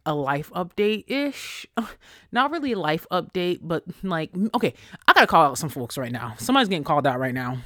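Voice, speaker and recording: A young adult solo podcast host rants casually in a mid-range, slightly bright voice with a dry, close sound and no echo. She is blunt, profane and sassy, swinging widely in pitch.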